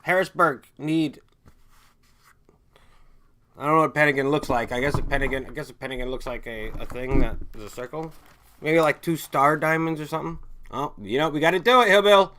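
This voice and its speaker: A man's voice: medium pitch, brisk, long pauses, pushed and bright. A man hosting a casual stream, rambling and swearing as he reads viewer chat and drifts between stories. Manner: rambling, profane, trails off and restarts mid-thought.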